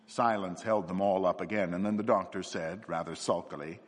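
A man narrating a classic story for adults in an expressive, dramatic way, in a reverberant space. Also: low voice, moderate pace, hardly any pauses. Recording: long reverb.

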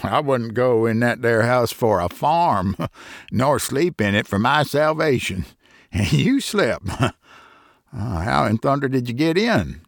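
Man doing a folksy backwoods farmer, excitable, superstitious, lively swooping pitch, dry sound. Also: slow pace, vocal fry, no room sound, full character voice. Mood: amazed. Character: talkative rustic country farmer, middle-aged man.

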